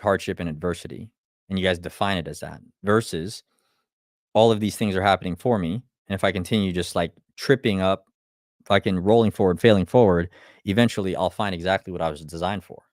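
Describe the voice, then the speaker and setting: Blunt and foul-mouthed, a man with a fairly low voice gives a live motivational talk, hammering listeners with rhetorical questions. Whenever he gets going, he restarts and stumbles. The sound is dry and close, without room echo.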